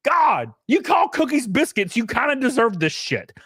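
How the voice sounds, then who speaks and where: A man hosting his livestream in casual chat, loud and joking, who breaks into sudden yelps of excitement. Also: very high-pitched, moderate pace, breathy edge, no echo, studio quality. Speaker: streamer host.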